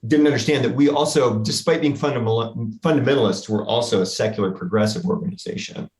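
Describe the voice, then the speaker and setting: A man artist guest on a podcast who tells anecdotes in a lively, animated way. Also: medium pitch, quick pace. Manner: animated storyteller, acts out quotes. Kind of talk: casual podcast conversation. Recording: echoey room.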